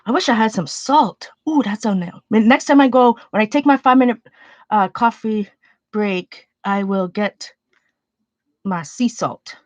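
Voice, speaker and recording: A woman's voice: mid-range voice, normal speed, no room sound. A woman hosting a casual painting livestream, chatting loosely with viewers as she works and sniffling a little. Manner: chatty, rambling, greets viewers, thinks aloud. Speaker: art livestream host.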